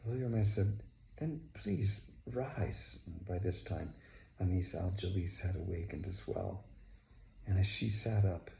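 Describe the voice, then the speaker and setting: A man narrating a folk tale slowly and intimately, often sinking to a whisper, recorded in an echoey room with faint noise. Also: sits low, fairly even intonation, vocal fry, dark tone. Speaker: storyteller. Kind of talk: storybook narration.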